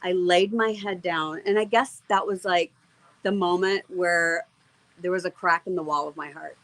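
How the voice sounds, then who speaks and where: A woman's voice: lowish voice, steady tone, normal speed, fairly bright tone, dry recording, poor audio. A middle-aged woman, an interview guest, telling a personal faith testimony in an earnest, emotional way, with many fillers and restarts.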